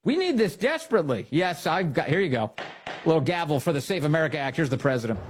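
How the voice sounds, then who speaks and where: A man's voice: a little high, very animated, fast, slight background noise. A man hosting a political talk show, delivering indignant commentary full of sarcastic rhetorical questions.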